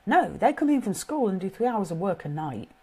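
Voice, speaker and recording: A woman's voice: mid-range voice, sing-song, fairly quick, warm tone, breathy edge. A middle-aged woman with a British accent giving an informal, earnest talk on parenting, thinking aloud as she goes. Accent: British English. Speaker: parenting coach.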